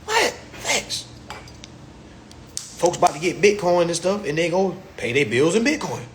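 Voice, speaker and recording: A man's voice: medium pitch, a bit bright, a little hiss or hum. A man hosting a casual livestream rant, talking in loose, profane street slang and acting out little back-and-forth dialogues into his phone. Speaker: host of a livestream.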